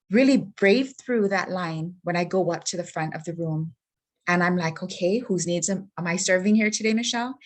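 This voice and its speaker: A woman presenting a workshop on helping grieving people, speaking earnestly and often checking in with the listener. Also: fairly low pitch. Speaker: suicide prevention trainer.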